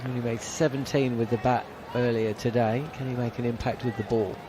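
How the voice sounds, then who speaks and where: A man's voice: mid-range voice, little pitch movement, a little fast, crowd noise, noisy background. Chatty man calling cricket outdoors. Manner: chatty, wry, describes each ball. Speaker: radio cricket commentator. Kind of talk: live ball-by-ball commentary.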